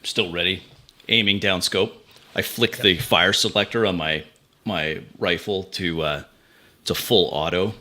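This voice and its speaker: A man's voice: low-pitched, fairly even intonation, measured pace, bright, forceful tone. A man playing a tabletop game, describing his character's moves in terse, soldierly calls. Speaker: player. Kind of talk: tabletop game play, narrating actions.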